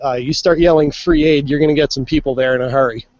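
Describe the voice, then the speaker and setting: An on-site reporter calls into a live show with a casual walk-around report from outdoors at a festival, easygoing and chatty with plenty of fillers. His voice is fairly high and steady in tone, a little mellow, and he talks fast. The recording is dry, with the highs cut off.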